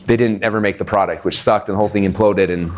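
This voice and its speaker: A middle-aged man telling a long personal story to a live audience, animated, with many fillers and acted-out quotes. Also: fairly low pitch, fast. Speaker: webinar speaker. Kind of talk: energetic storytelling talk.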